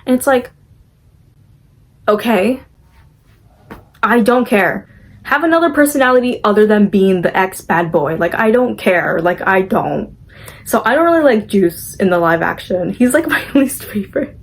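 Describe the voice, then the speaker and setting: A young woman casually recapping a movie, chatty and opinionated, with lots of "like" fillers and quick acted-out character lines. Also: mid-range voice, animated.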